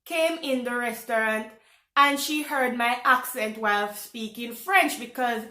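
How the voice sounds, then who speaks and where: A Caribbean woman in her thirties with a Caribbean accent, telling a personal story to camera in a casual, animated way. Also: on the high side, a little slow, echoey room. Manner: animated, exclaims loudly when retelling reactions. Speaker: vlogger. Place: home in France.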